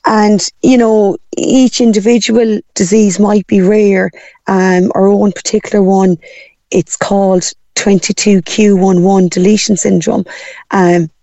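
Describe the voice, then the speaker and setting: Croaky hoarse woman. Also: mid-range voice, level tone, measured pace, mellow, no room sound, muffled recording. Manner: hesitant, many fillers. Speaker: guest parent. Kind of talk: casual radio chat.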